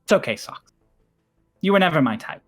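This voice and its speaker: A man voicing a composed, dignified woman diplomat who speaks in a calm, measured, formal way. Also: on the high side, faint music behind.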